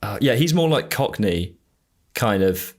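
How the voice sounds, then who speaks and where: A podcast host with a fairly low voice and a southern English accent. He talks in a loose, rambling way, full of ums and restarts, and laughs often. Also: lively intonation, measured pace. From England. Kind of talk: casual chat.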